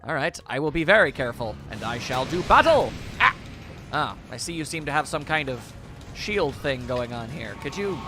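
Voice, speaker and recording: A young man giving playful, chatty let's-play commentary and talking to the game. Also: a little high. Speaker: video game streamer.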